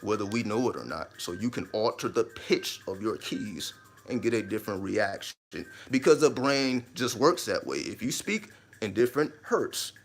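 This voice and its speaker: Man giving an emphatic rambling monologue. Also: lowish voice. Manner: emphatic, repetitive, with occasional swearing. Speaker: host of own video channel. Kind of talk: casual explanatory monologue.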